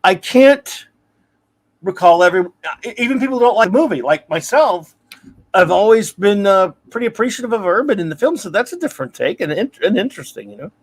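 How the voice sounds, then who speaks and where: A man who is a guest on a relaxed film discussion, with a voice pitched a little above average. He weighs his opinions as he goes and softens them with hedges. He also reads viewer comments aloud. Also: fairly quick.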